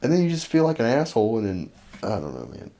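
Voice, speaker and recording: A man's voice: mid-range voice, huge pitch swings, fast talker, vocal fry, mellow. A young man hosting a podcast, chatting casually and rambling with lots of fillers. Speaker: podcast host. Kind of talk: casual chat.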